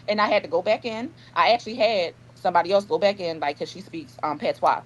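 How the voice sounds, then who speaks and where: Animated woman author, low voice. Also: quick pace, hardly any pauses, rough recording. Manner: animated storyteller, acts out dialogue. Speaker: author guest. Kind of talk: casual interview chat.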